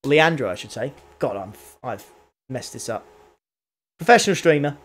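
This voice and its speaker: A man's voice: mid-range voice, lively intonation, fairly bright tone. A man giving casual, self-mocking commentary while live-streaming a racing game. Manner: chatty, self-mocking, quick to laugh.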